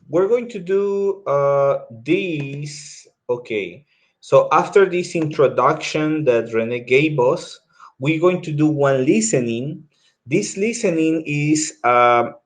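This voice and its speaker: A man leads an English lesson at an unhurried, slow pace. He lays out each task step by step and repeats instructions patiently. He often pauses to check that the class is following with a quick "okay?". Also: a little high. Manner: explains step by step and repeats himself. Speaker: English teacher.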